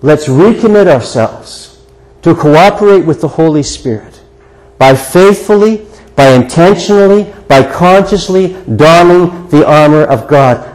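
An older man delivers a sermon in a slightly higher-pitched voice. His preaching is earnest and conversational and leans on repeated rhetorical questions. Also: darkish tone, low-quality recording. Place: church sanctuary before a congregation.

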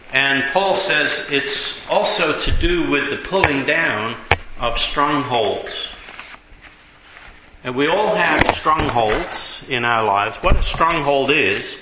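A man preaching a sermon as a pastor, speaking conversationally, drawing out key words for emphasis and pausing on frequent ums. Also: medium pitch, lively intonation, very noisy. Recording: echoey lo-fi hall recording.

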